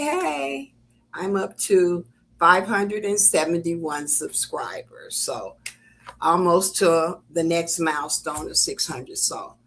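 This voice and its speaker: An older woman with a low voice talks loosely through a crafting live stream, wandering between thoughts and filling pauses with ums and uhs. She sounds like she is at home in her craft room, speaking into a webcam setup. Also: a bit bright, a little hiss or hum. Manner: chatty and rambling, with many ums and uhs. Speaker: crafting channel host. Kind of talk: casual live-stream chat. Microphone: computer webcam setup.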